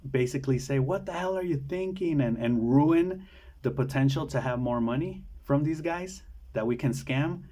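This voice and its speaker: Rambling man thinking out loud. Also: medium pitch. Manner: rambling, repeats words, many fillers; mimics people from a film in quick put-on voices. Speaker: video essayist. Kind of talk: casual monologue.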